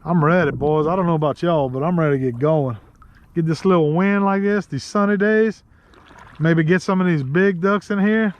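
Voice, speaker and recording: A man with a Louisiana accent talks casually from a kayak out on the marsh. His voice sits a little high, and he rambles through friendly asides and laughs easily. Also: moderate pace, lo-fi sound. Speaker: host. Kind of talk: casual outdoor vlog talk.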